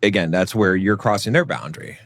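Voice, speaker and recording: A man's voice: sits low, animated, fairly quick, fairly bright tone, dry recording, clean studio sound. A man co-hosting a podcast, talking casually about relationships, often repeating words and checking in with "right?". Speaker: podcast co-host.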